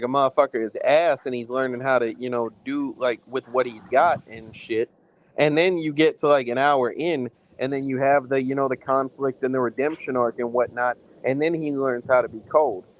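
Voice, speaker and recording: A man co-hosting a film review chat, talking in an animated, profane, slang-heavy way. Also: mid-range voice, fairly quick, low-quality recording. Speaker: podcast co-host reviewing films. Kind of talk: casual chat.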